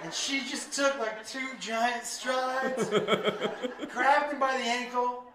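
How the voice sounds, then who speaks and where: A man performing stand-up on stage, telling a profane story with animated delivery and loud bursts of laughter. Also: extremely high pitch, takes it slowly, crowd noise. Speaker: stand-up comedian. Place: comedy stage before a live audience. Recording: echoey room, distant mic, audience laughter.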